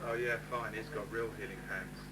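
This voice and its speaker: A man's voice: on the low side, fairly even intonation, brisk, natural voice. A man playing a laid-back unemployed man in an amateur stage sketch, delivering his lines dry and offhand. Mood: deadpan. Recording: noisy live stage recording from a distance.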